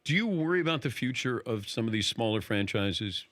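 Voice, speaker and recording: A man hosting a casual interview, firing quick questions and laughing often. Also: medium pitch, lively intonation, fairly bright tone. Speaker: host.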